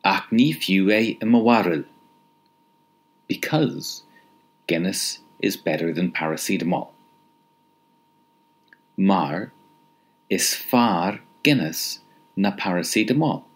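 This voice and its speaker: A man teaching a recorded language lesson, patiently repeating phrases and pausing for the listener to answer, with light chuckles now and then. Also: low-pitched, animated.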